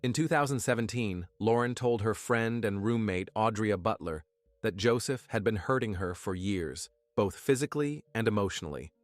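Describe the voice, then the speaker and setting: A man giving scripted true-crime narration in a measured, even way. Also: on the low side, dry recording.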